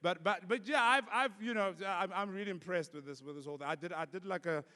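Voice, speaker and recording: Young south african man, a comedian on stage, fairly high voice, long hall echo. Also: fast. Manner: animated storytelling that acts out voices. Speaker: stand-up comedian. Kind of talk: stand-up comedy. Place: large conference hall.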